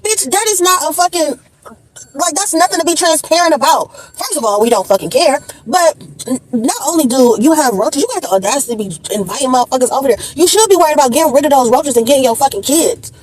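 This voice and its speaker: High-voiced woman ranting bluntly. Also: animated, fast talker, low-quality recording. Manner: blunt, profane, exasperated. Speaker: commentary vlogger. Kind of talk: ranting reaction commentary.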